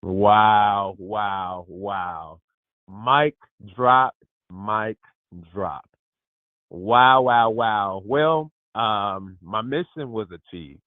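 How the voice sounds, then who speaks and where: A man in his fifties hosting a lively group call, exuberant and emphatic, often calling out to his listeners. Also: on the low side, very slow, dry recording. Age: 50s. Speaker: host. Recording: dry tinny phone line.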